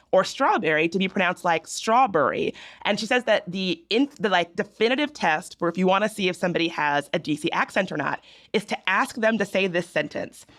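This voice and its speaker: A woman's voice: on the low side, a bit bright. A young woman from the American South co-hosting a podcast, chatting casually and explaining with humorous asides. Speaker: podcast co-host. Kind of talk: casual chat.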